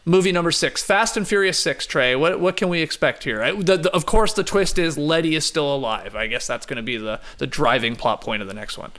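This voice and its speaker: A man co-hosting a casual movie podcast, relaxed and laughing easily, rattling quickly through the sign-off plugs. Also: on the high side. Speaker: podcast co-host.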